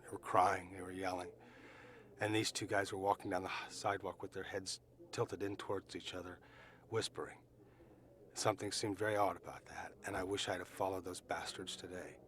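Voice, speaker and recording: A middle-aged man giving eyewitness testimony, telling his story earnestly and emphatically, with pauses and restarts. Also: low voice, fairly even intonation, fairly bright tone. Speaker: eyewitness recounting events.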